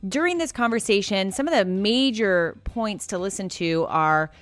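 A woman's voice: mid-range voice, expressive, normal speed, faint music behind. A woman hosting a podcast interview, bubbly and upbeat, laughing often and tripping over her words now and then. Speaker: podcast host.

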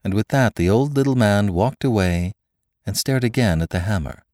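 A man narrating a classic story aloud, expressive and theatrical. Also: fairly low pitch, normal speed, no echo, studio quality. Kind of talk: audiobook reading of a classic story.

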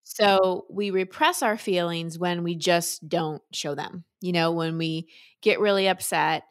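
A woman's voice: on the low side, fairly even intonation, a little slow. A woman guest in an interview, earnestly explaining how to release feelings and acting out the voices of the people she quotes. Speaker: guest, emotional wellness teacher. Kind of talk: conversational interview answer.

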